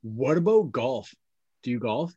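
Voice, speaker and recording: A man hosting a relaxed podcast chat in an easygoing, joking way. His voice sounds dry and close, with little room sound around it. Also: mid-range voice, measured pace, breathy edge, dry recording, dull audio. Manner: laid-back, laughs easily. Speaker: podcast host. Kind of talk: casual chat.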